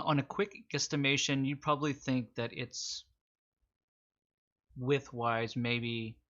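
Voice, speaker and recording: A man acts as game master for an online tabletop game, setting each scene in a measured, descriptive way. His voice is bright and clear in tone. The audio sounds a little dull and lo-fi. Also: medium pitch. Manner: descriptive, measured narration with fillers.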